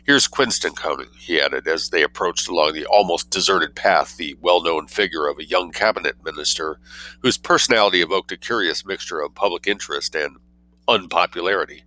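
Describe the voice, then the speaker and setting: A man reads a story aloud in a measured, explanatory way and breaks off now and then for asides of his own. His voice is deep and bright, caught dry and close to the mic. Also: no echo, rough recording. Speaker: reader.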